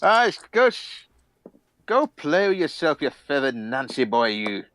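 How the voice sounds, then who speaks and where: A man's voice: medium pitch, sing-song, measured pace, a bit bright, no echo. A man voicing a grizzled, crude old male dwarf with a Scottish accent who curses and insults constantly. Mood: scornful. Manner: cursing, insulting.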